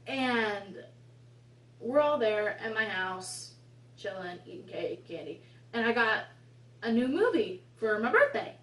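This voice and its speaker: Young woman vlogger, chatty and rambling, slightly high voice, echoey room, mic a bit far off. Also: very animated, slow pace, a bit bright. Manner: chatty, rambling, exasperated asides. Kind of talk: casual storytime.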